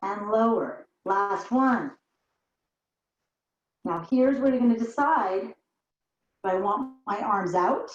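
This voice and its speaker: A woman's voice: medium pitch, expressive, slow, long pauses. Woman, barre instructor, demonstrating while cueing, slightly out of breath, roomy echo, dull lo-fi sound. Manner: encouraging, counts reps while demonstrating. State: a little out of breath. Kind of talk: guided workout instruction.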